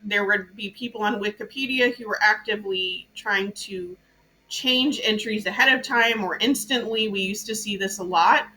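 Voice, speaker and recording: A woman from Louisiana hosting a podcast, chatting about politics in an animated way and laughing at her own jokes. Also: medium pitch, normal speed, slight background noise, poor audio. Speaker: podcast host. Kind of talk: casual political chat.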